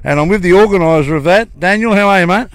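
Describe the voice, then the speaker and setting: A man's voice: sits high, fast, clear, resonant tone, no room sound. An Australian man hosting a podcast, chatting matily with people at an outdoor festival. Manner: chatty, matey banter. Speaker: podcast host. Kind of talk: on-site festival interviews.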